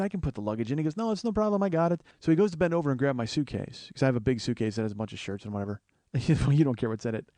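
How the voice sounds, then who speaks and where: A male comedian host telling a profane, self-mocking story in an animated way. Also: medium pitch, dry recording.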